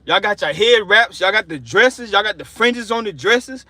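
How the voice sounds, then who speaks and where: A man preaching an informal sermon, fervent and emotional, repeating himself and slowing down to read scripture aloud. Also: high-pitched, animated, bright, forceful tone, no room sound. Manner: emotional, fervent, repetitive, slows down reading scripture. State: excited and sweating.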